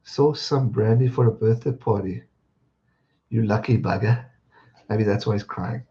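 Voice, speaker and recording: A man's voice: fairly low pitch, measured pace, warm tone, muffled recording. A man hosting a live stream, chatting casually and greeting viewers by name as he reads their comments.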